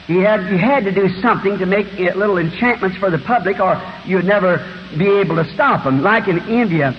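A preacher, delivering a fiery revival sermon and swinging from hushed storytelling to shouted Bible scenes. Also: male voice, sits high, fairly quick, slight background noise. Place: large church auditorium. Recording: dull old recording in a reverberant hall.

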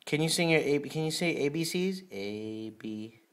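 A young father at home, patiently quizzing his toddler with simple questions and giving warm praise. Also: fairly high pitch, animated, normal speed. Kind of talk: home video, casual parent talk.

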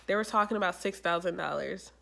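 A young adult woman chatting casually in a vlog, rambling and animated, with lots of fillers. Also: fairly low pitch, quick pace, vocal fry. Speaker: YouTuber.

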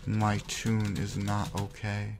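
Low-ish, gravelly and monotone, this man speaks slowly over faint background music. Making gameplay videos, he delivers melodramatic commentary, sighing heavily and wallowing in theatrical self-pity.

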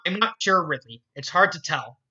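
A reader voicing a bookish, anxious young mare who talks haltingly and trails off. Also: medium pitch, lively intonation, pushed and bright, highs cut off. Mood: hesitant, worried.

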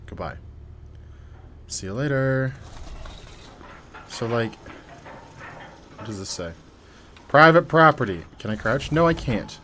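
Male let's-play host, mid-pitched, jokey, reads text aloud, faint background noise. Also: lively intonation, measured pace, pauses often. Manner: jokey, swings between quiet muttering and loud yelps. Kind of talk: casual gameplay commentary.

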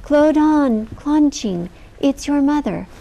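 Woman putting on a squeaky fake-sweet ogress. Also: animated, slow, creaky, warm tone, a little hiss or hum, full character voice, rough recording. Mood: falsely sweet. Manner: forced high sing-song falsetto. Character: scheming ogress faking a mother's voice.

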